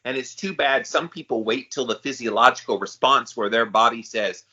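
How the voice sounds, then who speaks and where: A man co-hosting a podcast, talking in a relaxed, candid, slangy way in casual chat. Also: medium pitch, moderate pace, hardly any pauses, slightly rough, muffled recording. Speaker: podcast co-host.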